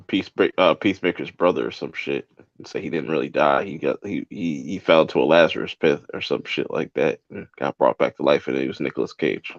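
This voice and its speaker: A man's voice: extremely low pitch, fairly quick, vocal fry, no room sound, dull audio. A man chatting casually as a co-host, teasing and joking with swearing. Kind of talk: casual chat.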